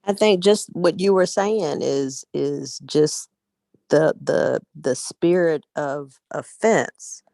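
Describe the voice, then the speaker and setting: A woman's voice: deep voice, takes it slowly, creaky, mellow, no room sound. A woman in a group discussion, speaking in an earnest, reflective way. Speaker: group member. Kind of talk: casual discussion.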